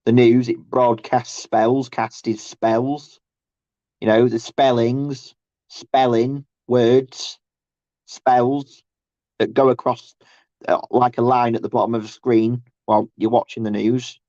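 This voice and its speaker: A man, ranting on a casual livestream, halting and restarting often and mocking others in sarcastic bursts. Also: medium pitch, little pitch movement, mellow, no room sound. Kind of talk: rambling casual livestream rant. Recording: dull lo-fi dry sound.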